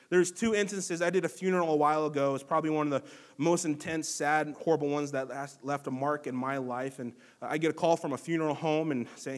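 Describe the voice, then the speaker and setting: A man with a notably high voice preaches a sermon as pastor. His delivery is earnest, dropping to hushed reflection and then rising into emphatic, raised passages. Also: normal speed.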